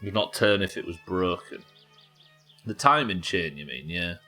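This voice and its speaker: A man's voice: sits low, expressive, moderate pace, pushed and bright, soft background music. A man from England, streaming a game live and thinking aloud as he chats with viewers. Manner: muttering to himself, thinking aloud. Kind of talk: live gameplay commentary.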